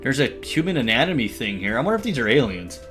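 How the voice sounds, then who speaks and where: A man plays through a visual novel on stream and reads the on-screen text aloud with a joking, playful edge. His voice sits at an ordinary middle pitch, and faint game music runs underneath. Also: sing-song, quick pace, fairly bright tone. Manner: playful, reads lines with mock voices and laughs. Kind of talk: let's play commentary, reading game text aloud.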